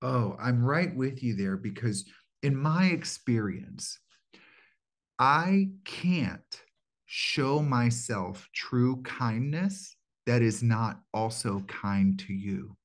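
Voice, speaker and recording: A man hosting a podcast, talking slowly in a casual, affirming way. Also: medium pitch, lively intonation. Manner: slow and affirming, with brief agreements. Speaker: podcast host. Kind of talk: casual conversational interview.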